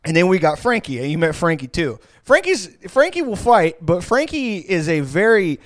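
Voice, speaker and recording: A male podcast host tells a story in a casual, animated, rambling manner, swearing constantly. His voice is rich and fairly high for a man, at a moderate pace, and the recording sounds dry and close.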